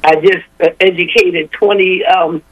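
A woman's voice: lowish voice, fairly even intonation, measured pace, husky, no echo, low-quality recording. An older woman speaking as a guest in a radio interview, talking emphatically and repeating her points. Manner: emphatic, repetitive, rallying. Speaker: guest, education advocate.

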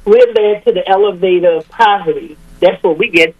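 A woman's voice: mid-range voice, a little fast, breathy edge, dry recording, phone-quality sound. An older woman speaking as a guest in a radio interview, talking emphatically and repeating her points. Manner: emphatic, repetitive, rallying. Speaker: guest, education advocate.

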